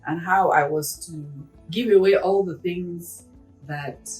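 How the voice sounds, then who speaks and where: Earnest woman recounting a loss, softly. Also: on the low side, slow. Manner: earnest, reflective, with hushed moments. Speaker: interview guest, counsellor. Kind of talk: emotional personal storytelling. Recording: roomy, distant mic with music.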